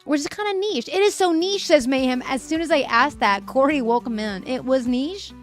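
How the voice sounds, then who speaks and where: Over faint music, a young woman hosting a live stream talks briskly in a high-pitched voice, reading viewer messages aloud and laughing often. She chats casually, her voice a little worn and slightly fried.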